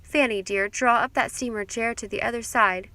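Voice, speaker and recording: A woman's voice: a little high, steady tone, normal speed, pushed and bright, dry recording. A woman voicing a gushing, snobbish society mother who talks in an affected, effusive way.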